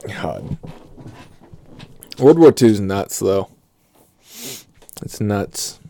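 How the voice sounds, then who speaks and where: A man's voice: lowish voice, animated, drawn-out words, mellow. A young man riffing through a profane comedic monologue, swearing freely and laughing at his own jokes.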